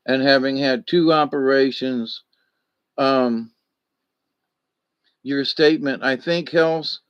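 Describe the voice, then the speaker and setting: Slow, rambling man on a live stream. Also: mid-range voice, fairly bright tone, no echo, lo-fi sound. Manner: rambling, profane, tells anecdotes with sound effects; reads and answers chat comments. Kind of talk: casual solo live stream chat.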